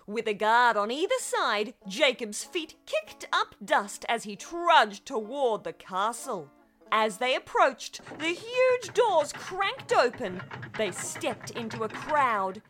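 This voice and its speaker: A woman reading a children's story aloud, expressive and playful with sound-effect words. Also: fairly high pitch, takes it slowly, soft background music.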